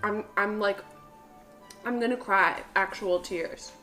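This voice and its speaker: Excitable, swearing young woman vlogging. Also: mid-range voice, takes it slowly. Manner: excitable and profane, swings from loud outbursts to mumbling. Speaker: vlog host. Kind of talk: casual cooking vlog chat. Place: home kitchen. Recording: roomy kitchen with music behind.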